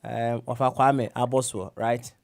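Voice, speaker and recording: A man with a Ghanaian accent hosting a radio talk show, calmly steering the discussion. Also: mid-range voice, slow, creaky.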